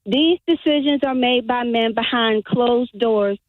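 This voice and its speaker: A woman calling in to a radio show, speaking calmly and reflectively over a phone line. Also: on the high side, a little slow, no echo. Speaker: caller.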